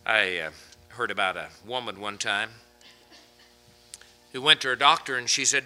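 A man preaching a sermon with humorous anecdotes, swinging from loud emphasis to hushed asides. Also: fairly low pitch, moderate pace, long pauses.

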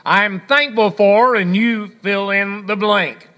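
Bright high-voiced preacher, folksy sermon. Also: male voice, takes it slowly. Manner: folksy storytelling with humor, reading scripture and a poem. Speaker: pastor.

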